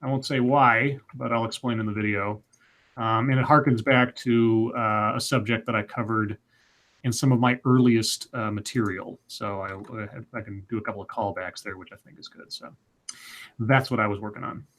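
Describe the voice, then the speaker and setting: A man co-hosting a casual livestream, talking hesitantly with many pauses and fillers. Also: fairly low pitch, fairly even intonation, fairly bright tone. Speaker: co-host.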